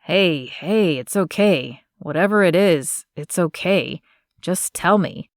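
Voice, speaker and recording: An earnest, smitten young man from a romance audiobook, as a woman narrator lowers her voice for him. He speaks slowly and tenderly. The recording is dry and close, with no room sound. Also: expressive, dry recording. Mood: worried. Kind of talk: audiobook character voice.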